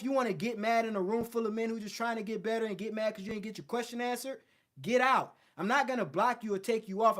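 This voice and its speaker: Blunt, profane man with a high voice. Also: a bit bright. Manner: mocks others in put-on voices. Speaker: host. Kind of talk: livestream coaching talk.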